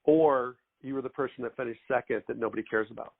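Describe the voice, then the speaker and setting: A man's voice: mid-range voice, fairly even intonation, fast talker, vocal fry. A middle-aged man hosting a podcast, asking long, winding questions built from lists of examples. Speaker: podcast host, sports agent. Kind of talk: interview questions. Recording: tinny phone-like line.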